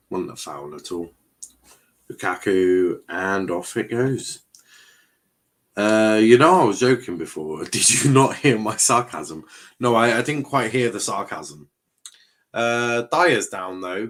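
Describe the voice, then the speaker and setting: A man's voice: fairly low pitch, a bit bright. A young man, commenting casually on a live football match while chatting with viewers. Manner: chatty, reacting to play and reading chat aloud. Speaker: watchalong streamer.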